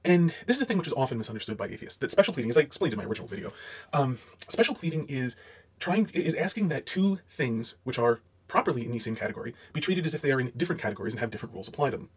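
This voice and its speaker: A man laying out a measured, lecturing argument in a clip from a video. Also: mid-range voice, lively intonation, breathy edge. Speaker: apologist in a clipped video. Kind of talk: explanatory argument.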